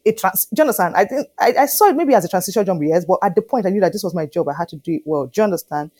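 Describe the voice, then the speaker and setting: A woman, an animated storyteller in an interview who keeps asking whether you understand. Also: lowish voice, very fast. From Nigeria. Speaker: interview guest. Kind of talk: conversational interview.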